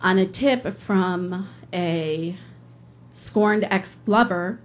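Earnest woman telling a story, low voice. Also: very slow. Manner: earnest, some hesitations. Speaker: storyteller, public defender. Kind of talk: live personal story on stage.

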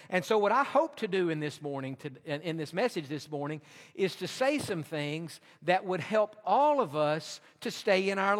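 High-voiced preaching man in reverb. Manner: slow, emphatic preaching with scripture reading. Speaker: pastor. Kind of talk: sermon.

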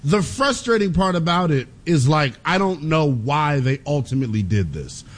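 Male co-host, bouncy high voice, animated takes, sports talk. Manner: animated, quick opinions, laughs easily. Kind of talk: sports talk radio banter.

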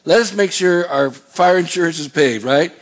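A man's voice: on the high side, moderate pace. A middle-aged man preaching a sermon as a pastor, in a conversational way with rambling asides.

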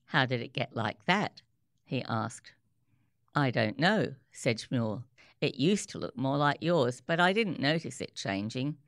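A radio presenter, introducing guests and reading book extracts in a measured, clear way. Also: mid-range voice, fairly bright tone, no room sound, clean studio sound. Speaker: radio show host.

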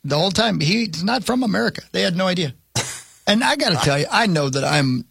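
Gravelly, husky-voiced male co-host. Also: high-pitched, expressive, brisk, fairly bright tone, no echo. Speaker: podcast co-host. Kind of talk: casual chat.

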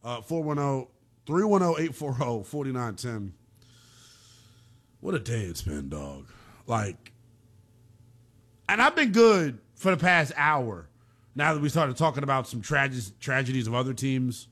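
A man hosting a call-in sports radio show, ranting in a slangy, animated way. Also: mid-range voice, a little slow, pauses often.

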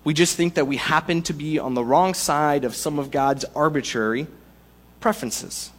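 A man's voice: fairly high pitch, normal speed. A man preaching a sermon in a conversational way, using humorous analogies. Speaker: pastor.

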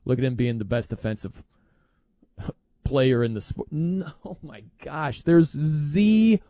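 A man's voice: medium pitch, unhurried, mellow, dry recording. A man hosting a sports talk show, arguing emphatically with incredulous outbursts and frequent laughs. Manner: emphatic, incredulous, laughs often, mimics others. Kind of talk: animated sports talk monologue.

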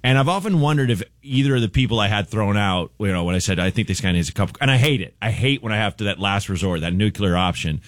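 Man, comedian guest, animated storyteller, very lively pitch, dry studio sound. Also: fast talker, few pauses, dry recording. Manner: rambling, animated, acts out voices and laughs while telling stories. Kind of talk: casual storytelling on a radio show.

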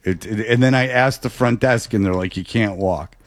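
A man in casual chat, telling a rambling, animated story with many restarts. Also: lowish voice, moderate pace, no echo, studio quality.

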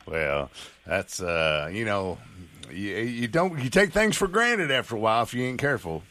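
A man's voice: on the low side, sing-song, moderate pace, pushed and bright. A man co-hosting a radio talk show, dropping dry joking quips. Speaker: radio co-host. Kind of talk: casual on-air chat.

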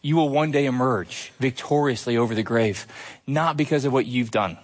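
A man's voice: mid-range voice, normal speed. A male pastor preaching a sermon in an earnest, conversational way, asking the listeners questions.

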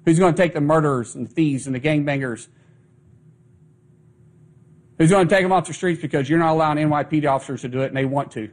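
A man making an insistent press statement as an official spokesman, firing off quick rhetorical questions. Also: a little high, darkish tone.

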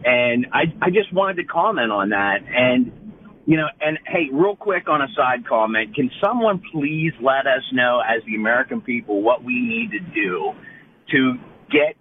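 A man's voice: mid-range voice, animated, moderate pace. A male caller, rambling on with many fillers in casual call-in talk. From Pittsburgh area. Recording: muffled phone line with faint noise.

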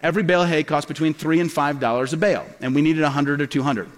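A middle-aged man with a notably high voice preaches a storytelling sermon. He acts out the people he quotes with lively shifts. His voice rings with a long hall reverb. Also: quick pace. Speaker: pastor.

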